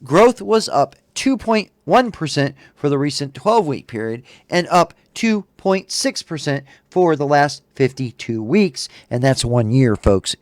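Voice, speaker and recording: A man's voice: fairly high pitch, no echo, studio quality. A man hosting a casual talk show, reading a news report and then ranting with lots of swearing. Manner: profane, ranting and indignant. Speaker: show host.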